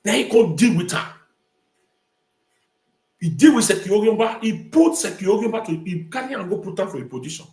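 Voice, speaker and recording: A Nigerian-accented male host delivers a ranting live-stream commentary, hammering his points by repeating the same words. His voice sits a little higher than most men's. The room around him rings with a noticeable echo. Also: animated, a little fast, long pauses, a little mellow. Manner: emphatic, repeats phrases. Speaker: talk show host.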